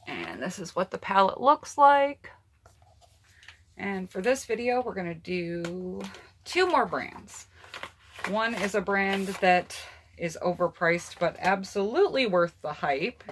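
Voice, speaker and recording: Casting note: woman vlogger, low-ish pitch, bright tone, chatty and personal, faint hiss behind. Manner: chatty, personal opinions, addresses viewers directly. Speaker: beauty vlogger. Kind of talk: casual makeup palette review.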